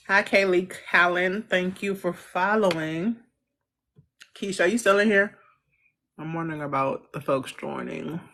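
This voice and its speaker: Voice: medium pitch, fairly bright tone. A chatty astrologer hosting a casual live stream, answering viewer comments with loose, slangy talk and frequent laughs. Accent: Central US. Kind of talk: casual livestream chat.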